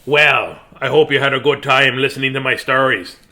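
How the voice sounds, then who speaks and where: A man hosting a bedtime story video, hoarse, talking in a playful, silly way with pirate growls. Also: mid-range voice, normal speed, pushed and bright, a little hiss or hum. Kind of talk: casual bedtime sign-off to viewers.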